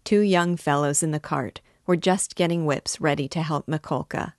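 A woman narrating a classic novel aloud in a measured, even storytelling manner. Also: low-pitched, no echo, studio quality. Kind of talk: audiobook narration.

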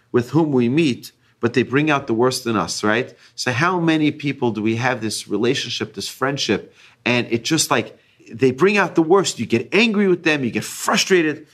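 A man giving an ethics class to a group, earnest and repetitive, his voice rising higher and louder whenever he stresses a point. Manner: earnest, repeats key phrases, rises in pitch and volume when stressing a point. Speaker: religious teacher.

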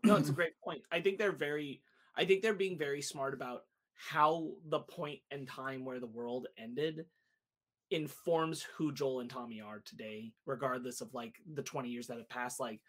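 A man co-hosting a casual podcast review, thoughtful and analytic, talking in measured turns. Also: medium pitch, fairly bright tone. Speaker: podcast co-host.

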